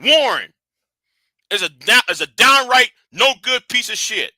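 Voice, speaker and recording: Man ranting on his stream, bright cutting voice, super dry close sound, cussing and scolding, loud then quiet. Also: very high-pitched, unhurried, no room sound. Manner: animated, profane, scolding; swings from shouting to hushed. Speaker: livestream host. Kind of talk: heated livestream rant.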